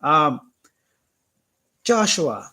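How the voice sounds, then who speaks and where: A man's voice: on the high side, big pitch swings, very slow, bright, forceful tone. A young man from Canada hosting a casual live stream, reading viewer comments aloud and joking around. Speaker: YouTube channel host.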